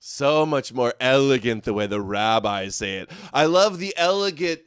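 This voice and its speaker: A man's voice: medium pitch, animated, normal speed, a bit bright, smooth, no echo. Male streamer host, mocking and sarcastic, dry close sound, laughs a lot. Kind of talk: livestream commentary reading donations.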